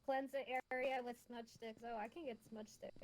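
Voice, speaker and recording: A woman chatting playfully with friends while playing a game online, quick to laugh. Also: fairly high pitch, fairly even intonation, slight background noise. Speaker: gamer on a group stream. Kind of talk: casual gaming chat.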